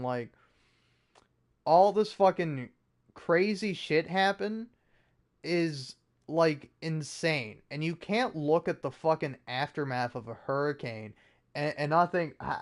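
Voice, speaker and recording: Rambling, profane podcast host man. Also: fairly high pitch. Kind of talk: casual comedic rant.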